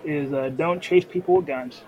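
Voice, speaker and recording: Man, co-host, fairly high voice, joking quips, muffled lo-fi sound. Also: normal speed. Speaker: podcast co-host. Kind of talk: casual chat.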